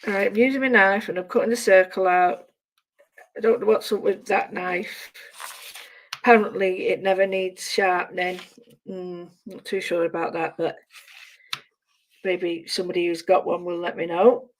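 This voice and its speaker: A middle-aged woman demonstrating a craft on a live stream, chatting and mocking herself as she works, her voice going hoarse. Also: on the low side, fairly even intonation, normal speed, pauses often. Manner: chatty, self-mocking, talks to herself while working.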